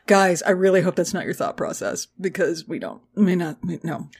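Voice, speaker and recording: A woman's voice: on the low side, sing-song, brisk, a little mellow, slight background noise. A woman co-hosting a podcast in casual chat, joking and laughing often. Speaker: podcast co-host.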